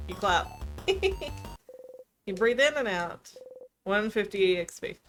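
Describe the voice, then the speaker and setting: A woman's voice: medium pitch, normal speed, long pauses, a bit bright, faint music behind. A woman streaming a game, casually chatting and reading the story text aloud. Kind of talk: casual let's-play narration.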